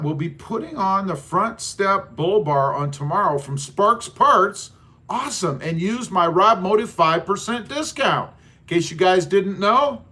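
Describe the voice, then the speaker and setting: A man's voice: sits high, sharp tone. A man hosting a casual livestream, reading viewers' comments aloud and joking about himself. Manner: jokey, self-deprecating, reads chat aloud. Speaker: livestream host.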